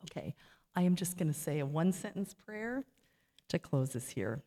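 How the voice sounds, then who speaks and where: A woman's voice: low-pitched, big pitch swings, normal speed, dark tone. A middle-aged woman giving an informal, heartfelt church talk with frequent fillers, ending in a prayer. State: near tears while telling a story. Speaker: church speaker. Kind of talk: informal sermon closing with a prayer. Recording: long hall reverb.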